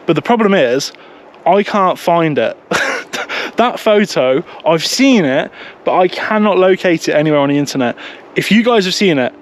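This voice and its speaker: A young man filming a wildlife vlog outdoors in a forest, chatty, jokey and excitable, recorded on a handheld camera mic. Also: on the high side, slight background noise. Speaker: wildlife vlogger. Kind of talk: casual outdoor vlog talk. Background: faint outdoor ambience.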